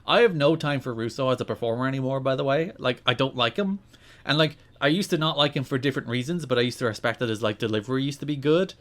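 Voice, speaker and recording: A man's voice: medium pitch, fast. Male podcast co-host recapping with jokes. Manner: animated recapping, joking. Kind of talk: casual chat.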